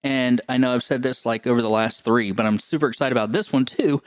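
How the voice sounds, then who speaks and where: A man co-hosting a podcast, telling stories in a joking, animated way as casual chat. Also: medium pitch, quick pace, dry recording, clean studio sound. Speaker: podcast co-host.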